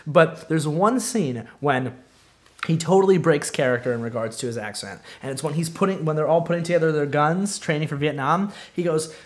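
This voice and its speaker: A man with a voice pitched a little high chats loosely as a podcast co-host. He wanders from one tangent to the next, filling pauses with ums and restarting sentences. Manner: rambling, drifts into tangents with many ums. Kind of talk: casual chat.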